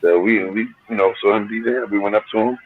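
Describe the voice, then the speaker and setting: A man's voice: on the low side, steady tone, fast talker, narrow, tinny audio, slight background noise. A middle-aged man from New Jersey, a hip hop artist telling stories in a laid-back, slangy, profane way. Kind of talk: casual storytelling interview.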